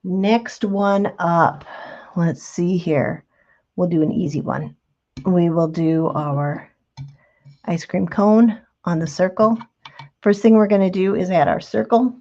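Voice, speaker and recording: A woman with a lowish, gravelly and warm voice leads a relaxed step-by-step craft demonstration, talking patiently and chattily as her hands work. The recording has its high frequencies cut off.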